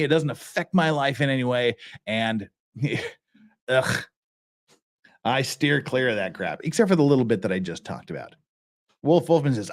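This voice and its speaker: A man hosting a casual livestream, rambling and dismissive, with self-mocking asides. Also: mid-range voice. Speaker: livestream host.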